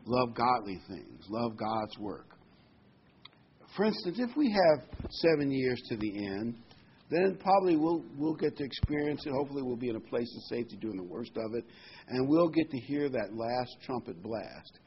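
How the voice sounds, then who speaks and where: A man preaching a sermon, reading scripture aloud and shifting between loud emphatic points and quiet asides. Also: medium pitch, big pitch swings, normal speed, slight background noise. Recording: dull lo-fi recording.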